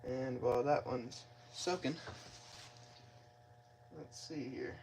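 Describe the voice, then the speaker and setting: A man narrates his engine repair at an unhurried pace, drifting into self-deprecating asides as he works. His voice sits at an ordinary middle pitch. It is picked up by a nearby phone in a garage, with a faint workshop hum behind him. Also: gravelly, a little mellow, rough recording. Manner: rambling, self-deprecating, talks to himself while working. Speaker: car mechanic vlogger. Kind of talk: casual how-to narration while working. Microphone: phone propped nearby.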